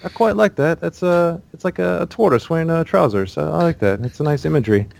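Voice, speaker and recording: A man's voice: a little high, fast talker, vocal fry, a little mellow, pitched above the performer's own voice. A man putting on a British accent to play an online gamer who praises a username. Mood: amused. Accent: put-on British.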